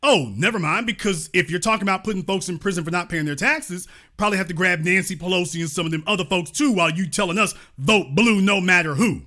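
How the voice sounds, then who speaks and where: High-pitched, bright, sarcastic male commentator. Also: fast talker, few pauses. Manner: sarcastic, heated, loud at times. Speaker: commentator reacting to clips. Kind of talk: commentary over played clips.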